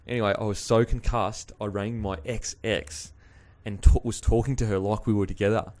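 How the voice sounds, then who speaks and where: A man's voice: fairly low pitch, fairly even intonation, normal speed, a little mellow. A young man, hosting a casual chat and telling rambling stories. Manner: rambling storytelling, says bro a lot. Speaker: podcast host, rugby league player.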